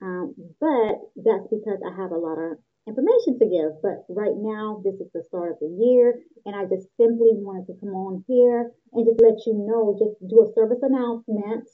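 Excited woman giving a pep-talk podcast, husky voice, sounds like it's over a phone line. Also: medium pitch, normal speed. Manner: energetic, excitable, calls the listener "girl". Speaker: podcast host.

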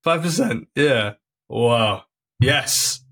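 A man chats casually as a podcast guest. He is laid-back and laughs easily, with a voice of ordinary middle pitch. His talk is loose and friendly, full of "man" and "bro". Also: expressive, very slow, fairly bright tone. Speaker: comedian guest.

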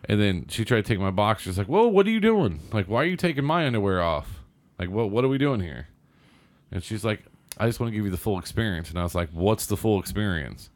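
A man's voice: lowish voice, animated, fast. A man from Southern Indiana telling a rambling personal story in casual podcast chat. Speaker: guest storyteller.

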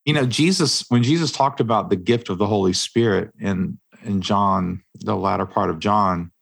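A man's voice: on the low side, moderate pace, gravelly, hardly any pauses, breathy edge. A middle-aged man co-hosting a casual faith discussion podcast, speaking earnestly with preacherly emphasis. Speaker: podcast co-host.

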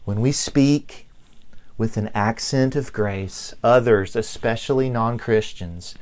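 Slow-preaching Southern man pastor. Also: medium pitch, a little mellow. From Southern United States. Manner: slow, deliberate preaching with emphatic pauses. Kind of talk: sermon.

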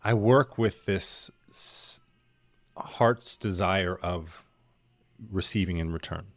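Male podcast co-host, very low and gravelly, halting and thoughtful. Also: no room sound. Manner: thoughtful, halting, many restarts. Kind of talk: casual conversation.

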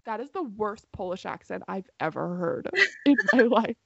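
A woman's voice: mid-range voice, lively intonation, moderate pace, vocal fry, a bit bright, lo-fi sound. A young woman chatting casually with a friend, playful and teasing, laughing often. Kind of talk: casual chat.

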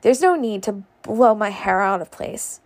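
A woman voicing a proud, sharp-tongued young Southern woman in a storybook reading, speaking curtly. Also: medium pitch, lively intonation, unhurried, no room sound, lightly acted. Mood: tart. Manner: curt, tart.

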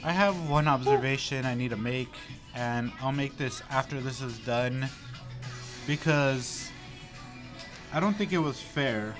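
A man of middle pitch co-hosts a casual chat, teasing his partner and arguing his point. Music plays clearly in the restaurant behind him. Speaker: podcast co-host.

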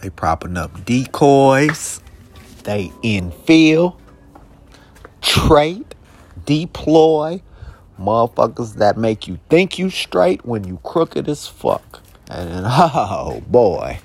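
Young guy venting on his podcast, cursing a lot, loose slang, middle-pitched voice. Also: very animated, slow pace, breathy edge. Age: young adult. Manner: profane, rambling, streetwise slang; heated bursts into shouted questions. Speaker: podcast host. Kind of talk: casual monologue.

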